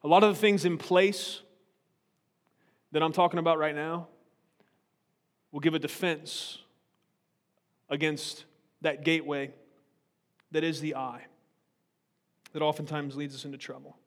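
A man's voice: fairly high pitch, fairly even intonation, measured pace, long pauses. A man preaching a humorous, conversational sermon as pastor, joking and often checking in with his listeners. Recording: reverberant hall.

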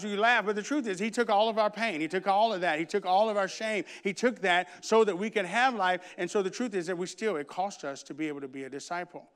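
A man's voice: high-pitched, brisk, few pauses, fairly bright tone. A man preaching a sermon, telling a funny family story and acting out the dialogue before turning to scripture. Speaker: pastor.

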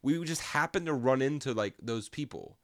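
A young man talking casually on a podcast, telling a story in a lively, swinging voice that often drops low and quiet. His tone is smooth and clear, and the sound is dry and close. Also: normal speed, no echo. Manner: animated storytelling with heavy swearing. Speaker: podcast co-host. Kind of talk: casual chat.

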